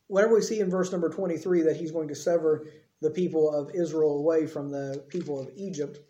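A man's voice: on the high side, warm tone, reverberant, dull audio. A man reading scripture aloud and then explaining it in a sermon, in a casual, conversational way. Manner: reads verses, then explains them conversationally with asides. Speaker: preacher.

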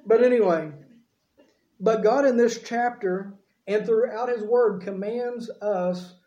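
A man's voice: high-pitched, slow, dark tone. A man preaching a sermon in a conversational way, often checking in with his listeners. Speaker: pastor. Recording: echoey room, dull lo-fi sound.

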